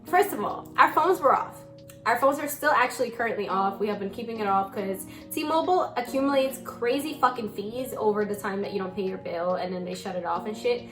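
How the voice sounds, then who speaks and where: A woman in her twenties telling a story in casual chat, animated and rambling, with a lot of swearing. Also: mid-range voice, fairly quick, over music. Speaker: vlogger.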